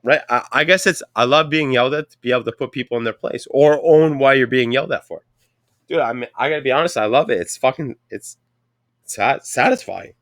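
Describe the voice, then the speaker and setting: A man swapping stories in a loose, profane chat. His voice is bright and forward. It is recorded dry, close to the mic, with no room sound. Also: medium pitch, fairly quick, no room sound. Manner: profane, animated storytelling. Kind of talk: casual chat.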